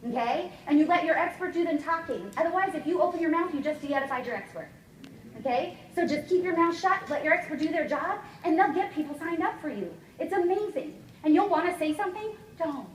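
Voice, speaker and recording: A woman giving an energetic, emphatic motivational seminar talk as a sales trainer, constantly checking in with her listeners. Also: very high voice, a little fast, a little hiss or hum. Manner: energetic, emphatic, keeps checking in with "okay?" and "guys". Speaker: network marketing trainer. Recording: echoey room, voice from far off, faint ambience.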